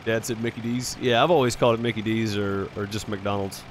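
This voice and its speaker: A man's voice: on the low side, fairly even intonation, a little fast, a little hiss or hum. A man telling rambling stories in casual chat while streaming a farming game. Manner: rambling, chatty, fillers and restarts. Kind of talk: casual storytelling over voice chat.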